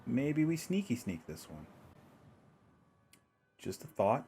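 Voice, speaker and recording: A man's voice: mid-range voice, sing-song, takes it slowly, dark tone, slight background noise. A man streaming a video game, chatting casually to himself and the game with frequent chuckles. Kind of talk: casual gameplay commentary.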